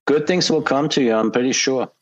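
A man's voice: mid-range voice, fairly quick, lo-fi sound. A man being interviewed as a guest, speaking in a casual, encouraging way with many hesitations. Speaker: guest, music tour technician.

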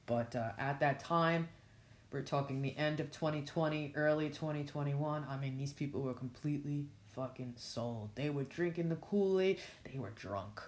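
A woman's voice: low-pitched, normal speed, a little mellow. A woman hosting a podcast, reading aloud and adding blunt, frustrated commentary with frequent swearing. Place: at work with patients.

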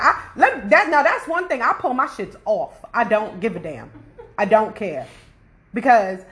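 A woman hosting a podcast in casual chat, animated and laughing as she talks to listeners. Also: a little high. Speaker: podcast host.

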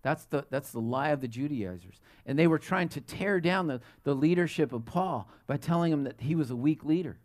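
Man preaching with a higher voice. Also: lively intonation, a little fast, few pauses, a little mellow. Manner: conversational preaching with frequent restarts and rhetorical questions. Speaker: pastor. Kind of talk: sermon.

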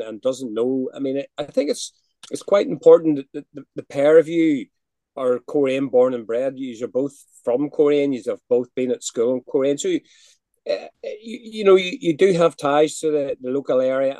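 Northern irish podcast host, mellow dry voice, stumbles a bit asking questions. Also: male voice, mid-range voice, normal speed, dry recording. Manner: hesitant, repeats words while framing questions. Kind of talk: interview questions.

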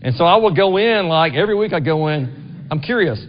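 This pastor, a middle-aged man, speaks briskly and animatedly in a fairly high voice as he preaches to his congregation, often asking "right?" The church sanctuary recording sounds dull and long-reverberant.

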